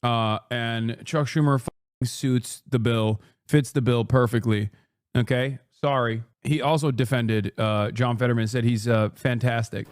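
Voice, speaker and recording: A man's voice: medium pitch, fairly even intonation, unhurried, clean tone, dry recording, clean studio sound. Profane ranting male streamer. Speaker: streamer host. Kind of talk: live-stream commentary.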